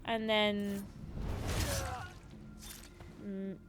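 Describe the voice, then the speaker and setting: A woman's voice: medium pitch, monotone, extremely slow, over music. A woman in her twenties hosting a gaming livestream, chatting casually and rambling with lots of fillers. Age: 20s. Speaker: streamer host.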